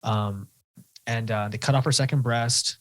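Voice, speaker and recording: A man, a podcast guest candidly telling his own story and acting out his inner voice. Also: medium pitch. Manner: fast, animated storyteller who acts out his own inner voice.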